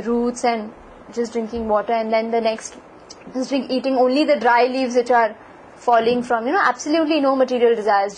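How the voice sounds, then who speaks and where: محاضرة بصوت عالٍ تروي قصة دينية بحيوية، مع ضوضاء خفيفة في الخلفية. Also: female voice, high voice, slight background noise, poor audio. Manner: animated, frequent "you know" fillers. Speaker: lecturer. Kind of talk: devotional storytelling lecture.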